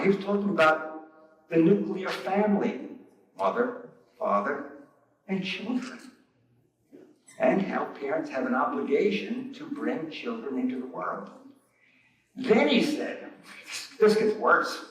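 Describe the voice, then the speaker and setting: A man's voice: on the high side, big pitch swings, measured pace, pauses often. A man preaching with jokey stories, laughing at his own jokes and putting on mock outrage. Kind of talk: storytelling sermon. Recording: echoey, from far off the mic.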